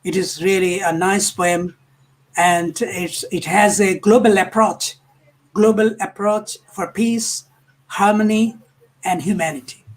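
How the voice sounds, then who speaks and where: A host reads translated love poems at a very unhurried pace, breaking lines into short phrases and pausing often. The voice sits at a middle pitch and stumbles now and then over a word before going on. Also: fairly even intonation, rough recording. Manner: halting, with restarts and pauses between phrases. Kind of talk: slow poetry reading with commentary. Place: online live stream.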